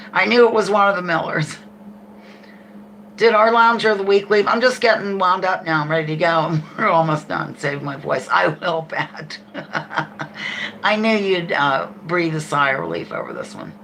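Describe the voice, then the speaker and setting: A middle-aged woman hosting a live trivia game, reading questions slowly and chatting and laughing with viewers. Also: lowish voice, a bit bright, slight background noise.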